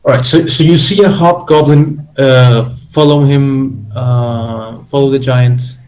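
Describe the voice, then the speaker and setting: A man's voice: mid-range voice, steady tone, takes it slowly, darkish tone, slight background noise, poor audio. A man acting as game master of a tabletop game, patiently explaining rules with frequent hesitations.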